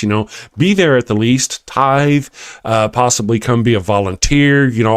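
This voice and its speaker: A man's voice: mid-range voice, no room sound, clean studio sound. A man with a Texas accent hosting a casual livestream, reading viewer comments and joking with frequent laughs. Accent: Texan. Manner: chatty, laughs often, joking asides. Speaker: livestream host.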